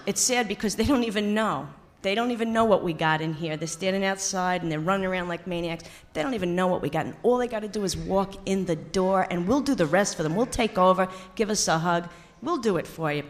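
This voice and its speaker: An older woman telling her recovery story at a meeting, blunt and profane, joking as she goes. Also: medium pitch. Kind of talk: personal testimony to a meeting.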